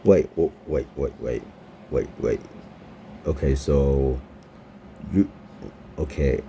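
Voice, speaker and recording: Young guy in his 20s, super deep dark voice, stumbles and repeats himself a lot. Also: a little hiss or hum. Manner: halting, stammering, repeating words. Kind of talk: casual chat with an AI character.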